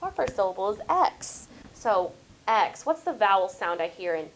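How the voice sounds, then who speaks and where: A woman's voice: mid-range voice, big pitch swings, slight background noise, rough recording. A woman teacher, leading a small-group spelling lesson and thinking aloud as she models each word. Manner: slow, drawn-out modeling of words and sounds. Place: classroom.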